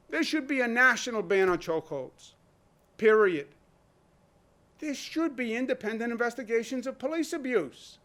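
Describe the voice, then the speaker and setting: New governor guy, 60s, higher-pitched voice, punchy short lines, lots of rhetorical questions. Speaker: state governor at a press briefing. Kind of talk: impassioned political speech.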